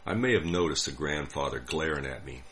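An older man from the United States telling a personal story in a dry, wry, unhurried way. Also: rumbling low, lively intonation, a bit bright, slight background noise. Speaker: narrator. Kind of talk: scripted storytelling.

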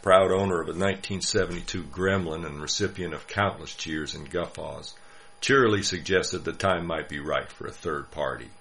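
A man's voice: sits low, fairly bright tone, a little hiss or hum. A man narrating a short story in a scripted reading, telling it with dry, wry humor.

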